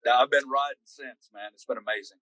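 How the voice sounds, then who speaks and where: A man's voice: mid-range voice, fast talker, pushed and bright, low-quality recording. A man recounting his personal testimony as a podcast guest, intense and dramatic, acting out the voices of people in his story. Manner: intense, dramatic retelling with vivid quoted dialogue.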